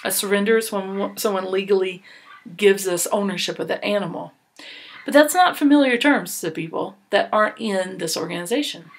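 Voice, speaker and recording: A woman's voice: medium pitch, normal speed, creaky. Woman giving volunteer training. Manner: earnest, instructive, with fillers and restarts. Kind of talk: training presentation.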